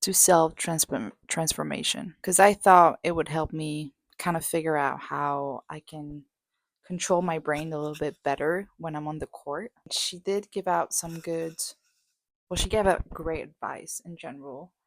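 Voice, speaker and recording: A woman's voice: deep voice, steady tone, a little slow, no echo. A young woman vlogging on a walk, talking candidly and rambling with lots of fillers and swearing. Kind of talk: casual vlog monologue. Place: outdoors on a walk.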